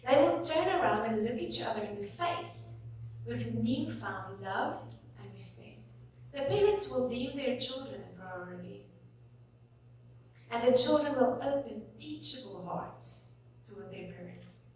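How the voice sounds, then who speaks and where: A woman delivers a sermon with a fairly high voice, earnest and expressive, leaning into dramatic pauses. She is picked up from a distance in a church hall with heavy reverb. A faint hum sits underneath. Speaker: guest preacher.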